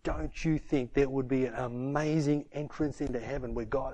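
A man's voice: mid-range voice, moderate pace, few pauses, darkish tone. A middle-aged man preaching a sermon, emphatic and punctuating his points with "hey". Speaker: pastor.

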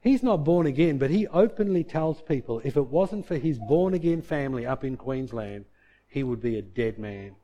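A man preaching a sermon, telling a story and swinging from loud bursts to hushed tones. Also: medium pitch, lively intonation, normal speed, dull audio. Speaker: pastor.

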